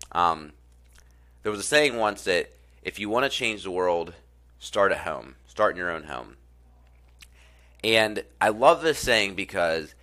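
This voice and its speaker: A man talks about self-improvement in a casual, earnest way. His low-pitched voice is bright and forceful. He often repeats phrases and drops in fillers as he retells a story. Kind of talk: casual spoken talk and storytelling.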